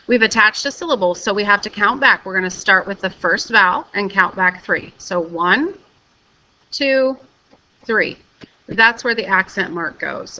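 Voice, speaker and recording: A woman's voice: medium pitch, bright, forceful tone, low-quality recording. A woman teacher giving a recorded video lesson, explaining step by step and often checking in with "okay?". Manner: clear step-by-step instruction, frequent "okay?" checks. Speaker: Spanish teacher.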